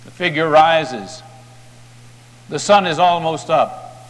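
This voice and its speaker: Slow, dramatic male preacher storyteller. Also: fairly high pitch, a bit bright, in a large hall. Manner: dramatic, vivid retelling.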